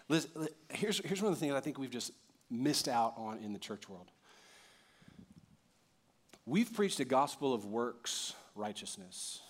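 Preaching in a medium pitch, this pastor keeps the sermon animated and conversational. He shifts from loud outbursts to quiet, emphatic moments and trades jokes with his congregation.

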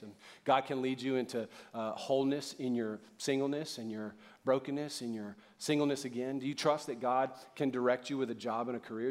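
A middle-aged man preaching a sermon in church, talking casually and joking, then building up to loud, fervent preaching. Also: mid-range voice. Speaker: pastor.

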